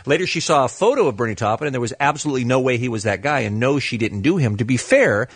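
A man hosting a morning radio show, rattling through stories and calls at speed. His voice is slightly husky and jumps up and down in pitch, in a dry studio. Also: no room sound. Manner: fast, animated, laughing.

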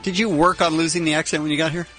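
A man's voice: a little high, steady tone, very fast, fairly bright tone, soft background music. A man hosting a radio morning show, wry and teasing in his banter.

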